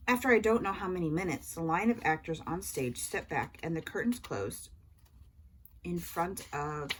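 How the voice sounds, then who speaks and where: A woman reading a children's novel aloud in a lively first-person voice. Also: lowish voice, slight background noise, low-quality recording. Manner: lively first-person narration as a young boy. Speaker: audiobook reader.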